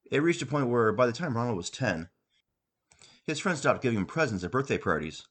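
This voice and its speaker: A man hosts a podcast and reads his own comic book aloud. His narration is wry and deadpan, his voice middle in pitch. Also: brisk, slightly rough. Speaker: podcast host and author.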